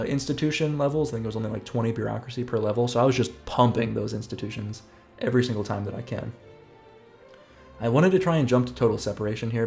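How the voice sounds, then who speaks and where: A man talking through his strategy game playthrough in a casual, chatty way, cracking jokes as he goes. His mid-pitched voice has a gravelly fry to it. Faint game music plays underneath. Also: darkish tone. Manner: chatty, upbeat, jokey. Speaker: gaming channel host. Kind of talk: casual gameplay commentary.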